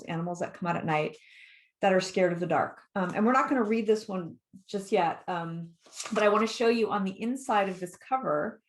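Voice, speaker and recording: A middle-aged woman, a children's author, reading her picture book aloud to kids in a lively, encouraging way and asking them questions. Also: fairly low pitch. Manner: lively, animated and encouraging, with questions put to young listeners. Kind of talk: read-aloud storytime for kids.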